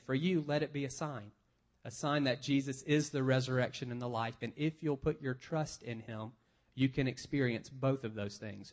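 A man, a pastor, preaching a conversational sermon, reading scripture aloud and explaining it with everyday examples. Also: mid-range voice.

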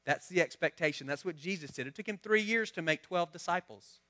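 A man's voice: on the high side, fairly quick, sharp tone. A man, a pastor giving a conversational sermon and asking the congregation questions. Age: 30s.

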